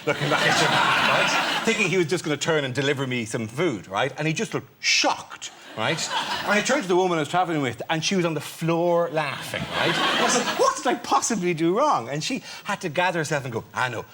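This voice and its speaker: A man with an Irish accent, a comedian guest on a chat show, telling a lively comic anecdote and tagging lines with "right?". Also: a little high, fast, hardly any pauses, very noisy. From Ireland. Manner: lively storytelling, tags lines with "right?", laughs through his words; slips into silly voices for people in his stories.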